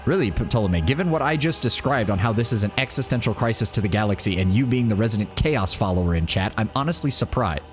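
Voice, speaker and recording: A man's voice: lowish voice, expressive, quick pace, hardly any pauses, soft background music. A man streaming a game live, casually thinking aloud and reacting with surprise as he plays. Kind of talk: live gameplay commentary.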